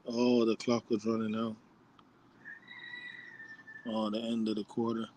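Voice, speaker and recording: A man's voice: fairly low pitch, completely flat delivery, unhurried, dark tone, slight background noise. A man co-hosting a basketball watchalong, talking in a laid-back, slangy way. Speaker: co-host of a sports watchalong. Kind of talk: casual chat.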